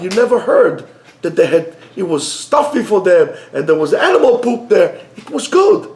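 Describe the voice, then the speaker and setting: A middle-aged man gives an informal Torah lesson as a joking, animated storyteller. His voice sits high, swings widely, and has a gravelly edge. The room adds a noticeable echo. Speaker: rabbi teacher.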